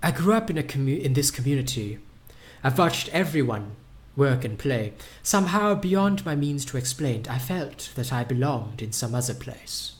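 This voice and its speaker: A man's voice: mid-range voice, expressive, normal speed, close to an everyday voice. A man reading a poem aloud in a put-on German accent, voicing a scheming would-be dictator who narrates his plans for a coup. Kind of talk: dramatic poetry reading.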